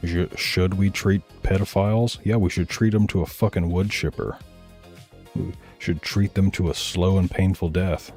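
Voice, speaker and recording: A man's voice: low voice, fairly even intonation, moderate pace, darkish tone. A man giving blunt, profane, heated commentary while reacting to videos, with faint music behind. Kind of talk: casual ranting commentary.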